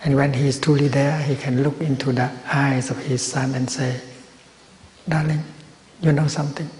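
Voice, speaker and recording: Male Buddhist teacher giving a calm, measured retreat talk in a large hall, a faint hiss behind him. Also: mid-range voice. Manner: slow, gentle, measured phrasing with long pauses. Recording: roomy hall with long reverb and faint noise.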